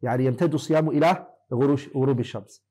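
Male teacher, mellow husky voice, questioning students in class, firm corrections. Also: mid-range voice, rapid-fire, low-quality recording. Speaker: Islamic teacher. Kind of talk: classroom lesson quizzing students.

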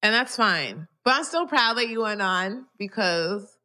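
A young woman from Canada co-hosting a casual podcast, with a very lively voice that swoops up and down. She backs her friend up with quick, teasing comebacks and laughs a lot. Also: mid-range voice. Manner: supportive, laughs often, quick teasing replies. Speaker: podcast co-host. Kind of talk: casual chat.

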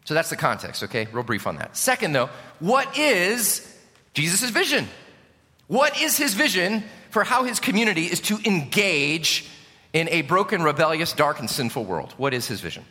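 A man from Chicago preaching a sermon as pastor, emphatic, lifting key lines and dropping low at the ends. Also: big pitch swings, normal speed, pushed and bright, long reverb tail.

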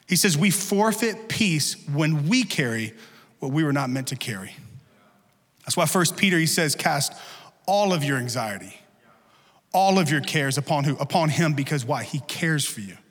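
A male pastor giving a lively, conversational sermon full of humor in a church. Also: fairly high pitch, normal speed, long reverb tail. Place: church sanctuary.

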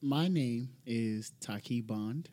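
A man's voice: mid-range voice, takes it slowly, mellow. Easygoing man plugging his app. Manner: easygoing, self-promoting with plugs. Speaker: guest, app founder and event host. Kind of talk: casual chat.

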